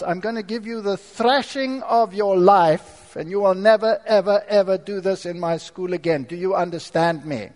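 A strict male headmaster scolds a pupil in a high, sharp voice, as a man puts him on. The voice rings out with a long hall echo. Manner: stern, scolding. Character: stern male school headmaster.

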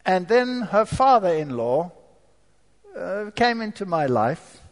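A man preaches his own life story in a storytelling sermon, turning to the audience with rhetorical questions. His voice sits high and carries a long reverb from the hall. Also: very animated, slow pace. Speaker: preacher giving his testimony.

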